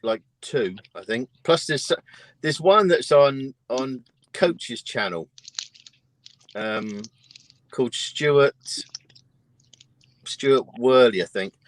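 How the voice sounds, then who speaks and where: A man's voice: medium pitch, lively intonation, slow pace, long pauses. A British man, a guest trucker, chatting casually and often laughing through his stories. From Britain. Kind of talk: casual chat.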